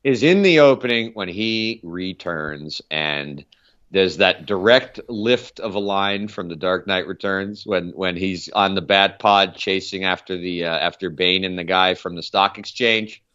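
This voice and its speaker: A man's voice: low-pitched, unhurried, fairly bright tone, highs cut off. A man co-hosting a casual film podcast, enthusiastic and rambling as he recalls scenes. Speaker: podcast co-host.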